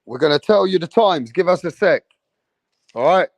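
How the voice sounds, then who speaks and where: A man's voice: fairly high pitch, animated, moderate pace, no room sound. A young man hosting a boxing livestream, chatting casually with plenty of slang, repeating himself and reading out viewer comments. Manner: repetitive, slangy, reads viewer comments aloud. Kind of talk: casual live chat.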